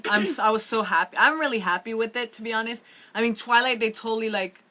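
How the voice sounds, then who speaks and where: A woman's voice: a little high, quick pace, very noisy. A teenage girl reviewing a movie in casual chat, gushing and rambling with lots of fillers.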